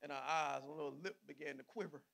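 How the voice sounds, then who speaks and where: A man in his thirties preaching a sermon, a father of a preteen daughter, with sudden loud bursts and asides to the congregation. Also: fairly high pitch, fairly even intonation, fast, gravelly. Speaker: pastor.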